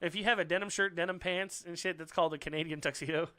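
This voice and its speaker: A man, a comedian guest in casual podcast chat, rambling and profane and laughing often between quick bits. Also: on the high side, fairly even intonation, bright, forceful tone, dry recording.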